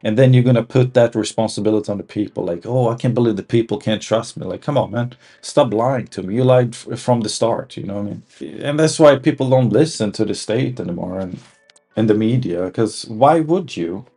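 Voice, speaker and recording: A man's voice: lowish voice, fairly quick, mellow. A man giving a casual, heated opinion monologue, rambling with many restarts and fillers. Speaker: commentator.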